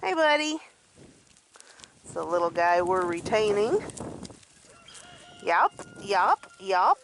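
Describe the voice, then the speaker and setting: A woman's voice: on the low side, animated, takes it slowly. A woman vlogging casually outdoors on her goat farm, chatty and affectionate as she talks into a handheld camera. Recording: noisy outdoor farm, with goats bleating.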